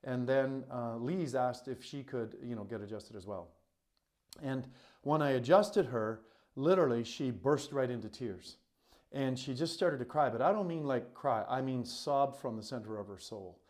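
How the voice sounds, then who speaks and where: A man's voice: medium pitch, moderate pace, darkish tone. Earnest man telling a heartfelt story. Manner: earnest, emphatic, heartfelt, with many "you know" fillers. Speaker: coach and retreat facilitator. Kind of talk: personal storytelling to camera.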